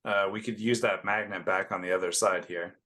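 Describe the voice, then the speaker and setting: A man voicing a male guard who calls out loud, brisk questions through a door. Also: low-pitched, fairly even intonation, voice pushed down. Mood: casual.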